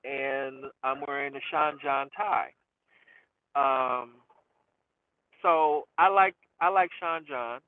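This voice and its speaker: A man who drives rideshare and runs a channel about it chats to the camera from inside his car, answering viewer questions. He seems amused with himself and trails off into fillers. His voice is mid-range and slow with long pauses, and the recording sounds dry and tinny, like a phone.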